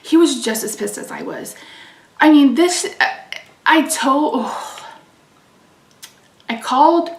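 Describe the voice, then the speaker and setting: A woman's voice: high-pitched, lively intonation, takes it slowly, long pauses, roomy sound, far from the mic. A woman hosting her own channel, venting in casual chat about a frustrating phone call, swearing and reading viewer names aloud. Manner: reads chat names aloud between sentences. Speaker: channel host.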